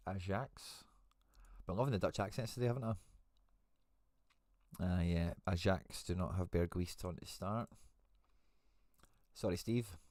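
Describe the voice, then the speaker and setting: A man's voice: deep voice, moderate pace, pauses often, a little mellow, dry recording, studio quality. A man hosting a live stream, chatting casually and thinking aloud as he answers viewer comments. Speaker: host.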